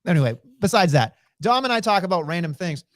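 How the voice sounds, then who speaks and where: Male podcast co-host, rambling and stammering, lively pitch swings, dry mic. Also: fast talker, dry recording. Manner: rambling, stammering restarts, swears. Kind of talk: casual wrestling chat.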